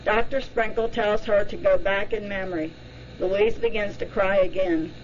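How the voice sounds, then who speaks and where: A woman podcast host giving scripted narration in a slow, measured reading. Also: medium pitch, lively intonation, muffled recording, slight background noise.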